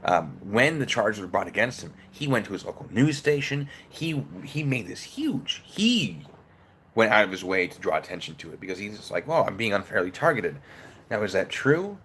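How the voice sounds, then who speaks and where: Deep-ish guy chatting his take on a case while eating, laid back and opinionated. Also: sing-song, normal speed, fairly bright tone, a little hiss or hum. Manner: conversational, opinionated, breaks down the case step by step. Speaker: commentator. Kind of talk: casual commentary while eating.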